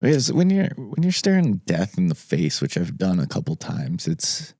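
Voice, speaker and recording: A man's voice: sits low, moderate pace, no room sound, studio quality. A man co-hosting a podcast, chatting casually and chiming in with short remarks. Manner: animated, chimes in with short remarks. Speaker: podcast co-host. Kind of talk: casual chat.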